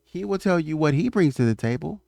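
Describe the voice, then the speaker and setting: A man's voice: a little high, animated, a little fast, creaky, mellow, no room sound, soft background music. A man giving an opinionated commentary monologue on relationships, lecturing emphatically and often stammering through restarts.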